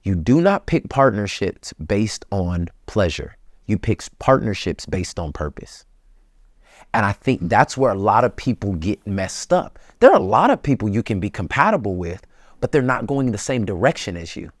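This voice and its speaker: Speaking at normal speed in a lowish voice, this man, a pastor on as a guest, hands out relationship advice in an emphatic, colloquial preacher's way that climbs to excited peaks. The studio sound is clean, with no room sound.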